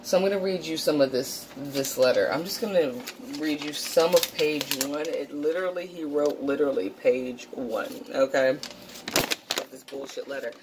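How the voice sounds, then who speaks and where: A woman's voice: sits low, moderate pace, background noise. A woman hosting a casual vlog, talking bluntly and profanely with lots of fillers. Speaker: channel host.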